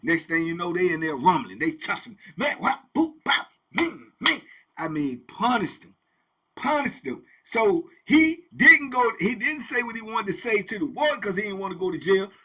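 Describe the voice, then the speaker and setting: A man hosting and telling a story in a casual, animated, slang-heavy way, repeating phrases for effect. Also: high-pitched, moderate pace. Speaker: host and storyteller.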